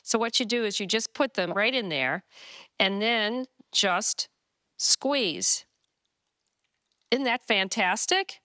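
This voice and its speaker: A woman's voice: mid-range voice, lively intonation, slow, pauses often, sharp tone. A woman TV chef hosting a cooking show, explaining each step in a chatty, enthusiastic way from a studio kitchen on a lapel mic. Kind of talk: cooking demonstration.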